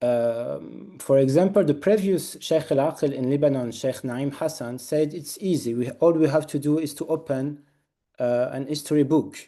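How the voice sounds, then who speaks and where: Man with a French accent, hesitant academic presenter, very dark and mellow tone. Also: medium pitch, normal speed. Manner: hesitant, frequent uh fillers and restarts. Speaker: conference panelist. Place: conference.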